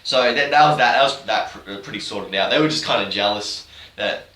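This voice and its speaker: A man recaps a game's story in a rambling, irreverent, deadpan manner. His voice is bright and a bit forceful. He sits off-mic in an echoey room, with faint hiss underneath. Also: lowish voice, fairly quick, recorded from a distance. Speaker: YouTuber. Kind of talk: comedic game-story recap.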